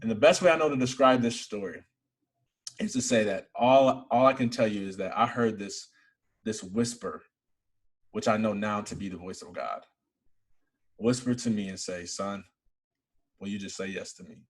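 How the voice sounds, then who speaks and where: A young man from Michigan, an interview guest, telling a personal faith story in earnest, building to excited emphasis. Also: on the low side, normal speed, pauses often.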